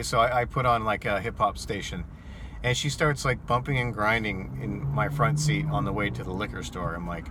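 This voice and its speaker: A man who drives for rideshare apps, casually telling an animated, incredulous story to his viewers. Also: fairly low pitch, moderate pace, a little hiss or hum.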